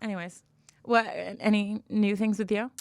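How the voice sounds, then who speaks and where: Woman, podcast co-host, casual storytelling, acts out quotes, middle pitch. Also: flat delivery, moderate pace, no room sound. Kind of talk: casual chat.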